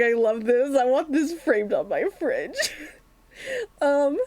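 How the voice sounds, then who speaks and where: A woman's voice: sits high, expressive, takes it slowly, no room sound. A woman streamer reading a visual novel aloud on stream in a playful, giggly manner. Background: soft lo-fi music.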